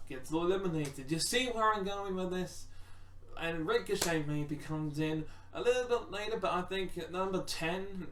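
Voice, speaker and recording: A man rambling casually through wrestling predictions, full of restarts and acted-out quotes. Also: a little high. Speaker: wrestling fan predicting matches. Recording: roomy echo, distant from mic.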